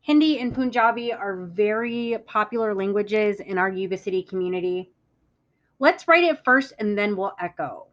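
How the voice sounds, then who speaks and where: A woman teacher giving a classroom vocabulary lesson, speaking clearly and deliberately, stressing words for the class to echo. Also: mid-range voice. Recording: muffled lo-fi audio.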